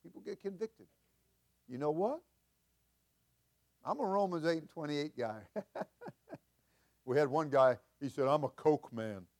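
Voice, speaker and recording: An older man preaching as senior pastor, folksy and chuckling, building to loud emphatic peaks. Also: a little high, expressive, measured pace, pauses often. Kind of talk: sermon.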